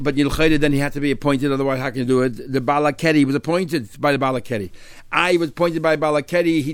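A man teaches a Talmud class, working through each step and weaving in Hebrew and Aramaic terms. His voice jumps up on key phrases and then drops low as he explains. The sound is dry and close, with no room around it. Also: clean tone, no room sound.

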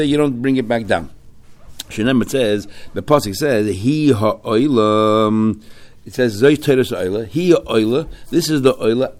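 A man's voice: lowish voice, a little mellow. A man teaching a Talmud class, reading Hebrew phrases in a chanting cadence and explaining each one in English. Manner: explains line by line, switching between Hebrew terms and English.

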